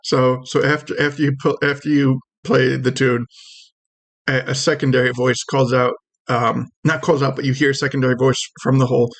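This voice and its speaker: A man narrating as game master who talks quickly, often restarts his sentences and laughs often. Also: mid-range voice, little pitch movement.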